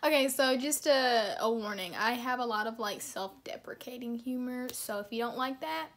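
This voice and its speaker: High-voiced young woman vlogger. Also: normal speed, a bit bright. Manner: chatty, self-deprecating, lots of fillers. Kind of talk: casual reaction commentary.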